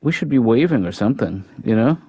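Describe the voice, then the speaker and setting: An actor playing a calm, mildly evasive middle-aged father in a cartoon, soft-spoken and hesitant. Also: mid-range voice, fast talker, slightly rough, dry recording, dull audio. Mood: defensive. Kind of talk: cartoon voice acting.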